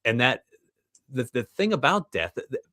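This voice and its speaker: A man's voice: medium pitch, sing-song, normal speed, pushed and bright, no echo, studio quality. A middle-aged man, a guest author, chatting casually on a podcast and often laughing as he talks.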